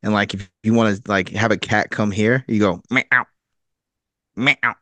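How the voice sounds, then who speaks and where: Young man, easygoing podcast co-host, low voice, dry close sound. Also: brisk, dry recording. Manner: relaxed, agreeable, swearing. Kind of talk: casual podcast chat.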